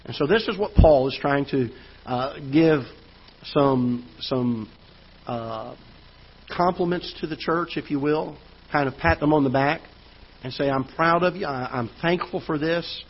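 A man's voice: on the high side, unhurried, husky. A male pastor with a Midwestern American accent, preaching a sermon and telling a personal story with frequent restarts and repeated words. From United States. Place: church auditorium. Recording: dull lo-fi church broadcast audio.

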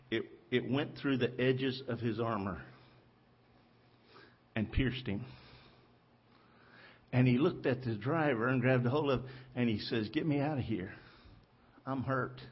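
A man's voice: mid-range voice, husky, lo-fi sound. A man preaching a sermon from the pulpit of a church, retelling a story with voices for its characters. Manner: storytelling, acting out the characters' lines. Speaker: pastor. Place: church sanctuary.

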